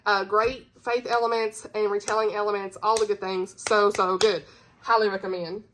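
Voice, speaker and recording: A woman's voice: mid-range voice, level tone, normal speed, a little hiss or hum. A woman hosting her own channel, chatting casually and bubbly about books she recommends, giggling often. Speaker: book reviewer, channel host. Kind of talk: casual book-recommendation chat.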